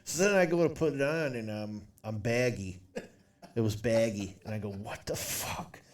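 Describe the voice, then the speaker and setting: Young dude rambling thru a story, cussing a lot, kinda low voice. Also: male voice, moderate pace, recorded from a distance. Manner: rambling, profane, laughs through his story. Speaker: podcast co-host. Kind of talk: casual storytelling chat.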